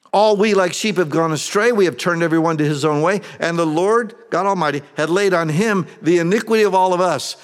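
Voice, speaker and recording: A man preaching, his voice sitting a little high for a man and ringing out with a long hall reverb. He reads scripture, then stops to explain it in everyday terms. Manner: expository, reads verses then explains them plainly. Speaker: pastor. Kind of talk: sermon with scripture reading.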